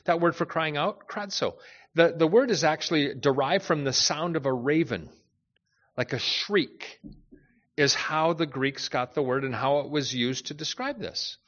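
A man preaching a sermon in a conversational, animated way, with many asides to the listeners. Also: fairly high pitch, moderate pace, highs cut off. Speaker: pastor.

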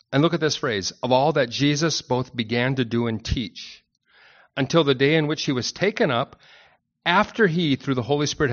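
A man's voice: medium pitch, highs cut off. A man preaching a conversational Bible-teaching sermon to his congregation, mixing personal anecdotes with scripture and speaking directly to his listeners. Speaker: pastor.

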